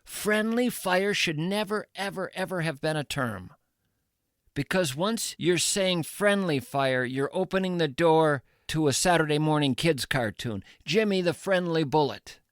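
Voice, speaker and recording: A man's voice: fairly high pitch, lively intonation, no room sound, clean studio sound. A man hosting a talk show, delivering a wry comic monologue and stretching out words for effect. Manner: wry, playful, drawn-out emphasis on words. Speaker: radio talk host. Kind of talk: comedic monologue.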